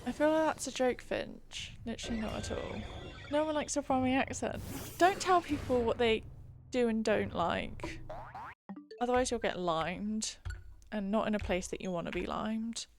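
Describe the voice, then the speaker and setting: A woman's voice: a little high, normal speed, faint music behind. A young woman from England chatting casually on a live stream, giggly and reading chat aloud into a desk mic. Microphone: desk mic she keeps bumping.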